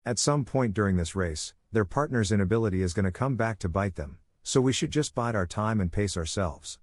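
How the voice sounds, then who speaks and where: A man narrating a fan fiction audiobook in a steady storytelling manner. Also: lowish voice, a little fast, no room sound.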